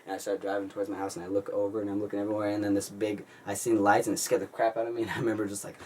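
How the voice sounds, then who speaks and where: Brief: young male vlogger, lowish voice, excitable rambling storyteller, recorded from a distance. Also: racing. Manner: rambling, excitable, heavy use of "like". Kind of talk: casual storytelling. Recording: distant mic with faint ambient noise.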